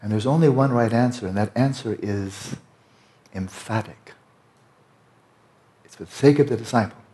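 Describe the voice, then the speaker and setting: A man's voice: medium pitch, moderate pace, dark tone. An American man giving a conversational dharma talk to retreat students, emphatic and often checking in with "right?". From United States. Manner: emphatic, conversational, repeats tag questions. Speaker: meditation teacher.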